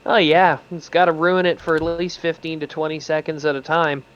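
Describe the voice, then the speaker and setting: A man's voice: on the high side, steady tone, brisk, clear, resonant tone, muffled recording. A man in casual voice chat, joking and making playful mock threats while swearing freely. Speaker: streamer.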